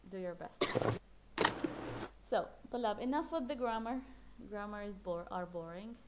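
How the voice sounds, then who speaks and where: A woman's voice: medium pitch, animated, normal speed, slight background noise. A woman teaching an English class, explaining words patiently, repeating them and checking that the class follows along in a classroom. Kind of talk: classroom English lesson mixing Arabic and English.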